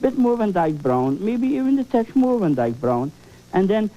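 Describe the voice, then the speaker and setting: A man's voice: sits high, sing-song, moderate pace, muffled recording. A man leading a televised painting lesson, exclaiming and coaxing, repeating phrases for emphasis. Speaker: painting instructor.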